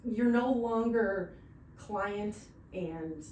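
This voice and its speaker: A woman who owns a bridal boutique, telling stories in a casual podcast chat with excited bursts. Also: mid-range voice, drawn-out words. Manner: animated storyteller, excited bursts. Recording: roomy, distant mic with faint noise.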